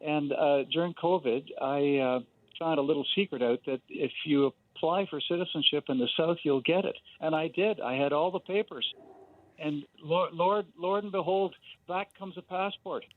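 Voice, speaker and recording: A male caller recounting a family story in a chatty, folksy way. His voice is slightly high and comes through a dry, narrow phone line. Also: moderate pace, no room sound. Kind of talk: phone call to radio show.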